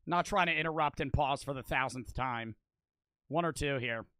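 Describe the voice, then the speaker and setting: A man in his twenties doing excitable, slangy live-stream gameplay commentary and yelling at the game. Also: mid-range voice, moderate pace, smooth, dry recording. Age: 20s. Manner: excitable, yells at the game, loose slangy chatter.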